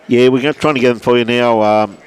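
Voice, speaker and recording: A man's voice: mid-range voice, fairly even intonation, fast talker, clean tone. A man with an Australian accent commentating a lawn bowls livestream, chatty and matey, greeting viewers by name from behind a glass window. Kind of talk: live sports commentary with viewer shout-outs. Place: indoors behind a glass window beside the green.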